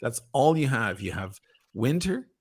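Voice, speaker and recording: A man on a casual panel, telling stories in a loose, swearing, laughing way with a husky, gravelly voice. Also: mid-range voice, very animated, a little slow, crowd noise. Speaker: panel guest.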